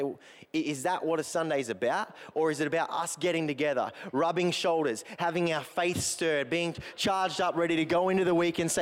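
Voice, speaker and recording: High-voiced preaching man in a reverberant hall. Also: a little fast. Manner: impassioned preaching with frequent word repeats. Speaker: pastor. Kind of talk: sermon.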